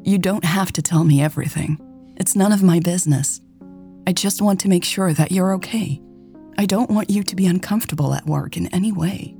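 A weary boss with a dry, exasperated edge, as a woman reading a story puts her on. The tone is dark and mellow, with a gravelly, husky grain over faint music. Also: fairly low pitch, brisk, close to an everyday voice. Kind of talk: read-aloud story dialogue.

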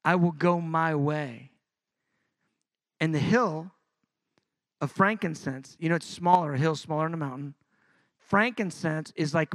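A middle-aged man, preaching a sermon in a conversational, animated way that builds in intensity. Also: on the high side, no room sound.

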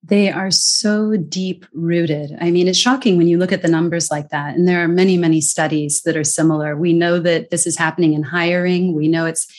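A woman's voice: lowish voice, moderate pace, few pauses. A middle-aged American woman, a guest expert, explaining earnestly in a conversational interview. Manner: earnest, explanatory, lively emphasis.

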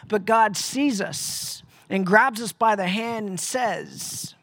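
Brief: male preacher, sermon delivery, unhurried, slightly high voice, rhetorical questions. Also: no room sound. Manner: rhetorical questions, dramatic pauses, dips to a hushed voice.

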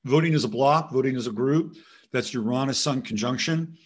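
A man's voice: medium pitch, moderate pace, breathy edge. A man hosting a casual commentary show, rambling from topic to topic and now and then talking to his dog. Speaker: host.

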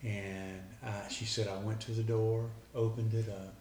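A man's voice: lowish voice, flat delivery, a little slow, a little mellow, distant mic, a little hiss or hum. A man, a guest earnestly retelling a conversation line by line. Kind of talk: personal storytelling. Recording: echoey room with faint background ambience.

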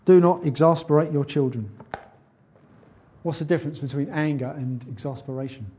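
A man's voice: on the high side, steady tone, moderate pace, dark tone, slightly rough, lo-fi sound. A man preaching a sermon in an earnest, conversational way. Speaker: pastor.

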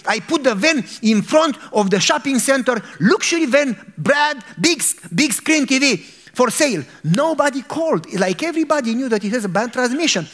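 A middle-aged man from Romania, a pastor, telling a humorous personal story in a sermon, animated and laughing as he acts out his frustration. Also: extremely high pitch, moderate pace.

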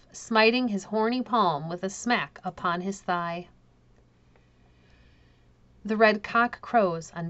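A woman narrating a classic children's novel in a calm, measured reading. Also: medium pitch, dull audio. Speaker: audiobook narrator. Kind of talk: storybook narration.

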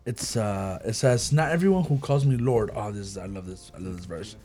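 A man's voice: lowish voice, a little fast, soft background music. A man hosting a casual faith discussion with young people, who acts out the voices of the people he quotes. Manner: animated, acts out quoted speech.

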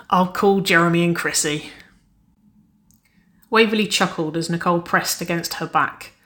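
Bright-voiced woman reading a story. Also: sits low. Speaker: narrator. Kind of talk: audiobook reading of fan fiction.

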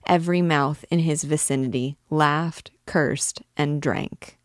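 A woman reading a classic novel aloud in measured, clear narration. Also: deep voice, fairly even intonation, dry recording, studio quality. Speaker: reader. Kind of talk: literary read-aloud.

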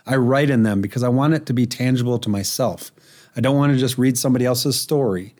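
Animated storytelling man. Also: mid-range voice, fast. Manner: animated anecdotes with laughs and acted quotes. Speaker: guest, firefighter author. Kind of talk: storytelling interview.

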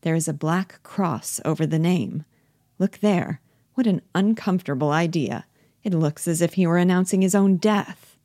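A woman reading the part of Torvald Helmer, a genteel and condescending husband in a classic stage play, in a brisk, fussy manner. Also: lowish voice, warm tone, no room sound, studio quality, lightly acted. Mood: troubled.

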